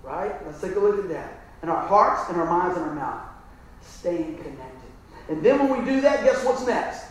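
A pastor preaching a sermon, telling stories and asking for an amen. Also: male voice, high voice, animated, normal speed. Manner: storytelling, emphatic, calls out "Amen?". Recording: very echoey room, mic at a distance.

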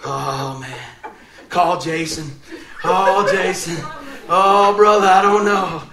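A man's voice: high voice, slow, roomy sound, noisy background. A man preaching a sermon, telling a funny personal story and laughing often as he goes. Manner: animated, laughing through funny stories. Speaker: pastor.

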